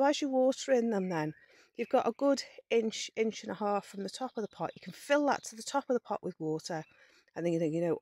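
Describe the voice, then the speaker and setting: Walking around her outdoor garden and polytunnel, a gardening vlogger gives a casual, chatty tour, explaining her methods step by step while slightly out of breath. Her voice is warm and medium in pitch, with no echo.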